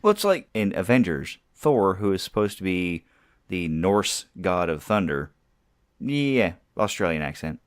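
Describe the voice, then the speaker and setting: A man's voice: sits low, sing-song, a little slow, smooth, no room sound, clean studio sound. A man co-hosting a podcast, chatting casually about films and laughing easily. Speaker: podcast co-host. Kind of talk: casual movie review chat.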